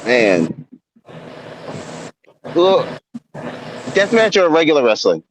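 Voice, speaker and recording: A man being interviewed, answering slowly and thoughtfully in a casual chat. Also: fairly high pitch, huge pitch swings, noisy background. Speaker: interview guest, wrestler.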